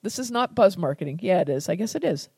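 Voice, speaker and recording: A chatty American woman in casual conversation, her voice sitting a touch low. She jokes at herself and laughs easily as she talks a recipe through, recorded close and dry with no room around her. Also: lively intonation, quick pace, creaky, warm tone, slightly rough, dry recording. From United States. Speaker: cooking podcast host. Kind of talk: casual cooking chat.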